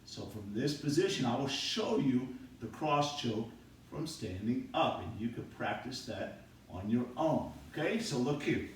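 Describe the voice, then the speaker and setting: A man's voice: mid-range voice, animated, unhurried, a little hiss or hum. A man teaching kids jiu-jitsu, walking through each move step by step and checking in with "all right?" along the way. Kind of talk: demonstrating technique for kids. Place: martial arts academy mat room. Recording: echoey room from far off.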